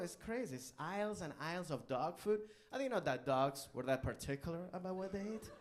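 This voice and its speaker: A man's voice: on the high side, brisk, slight background noise. A man from Venezuela with a Venezuelan Spanish accent, Spanish his first language, performing a stand-up comedy set on a club stage and acting out characters. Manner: animated, acts out characters in put-on voices.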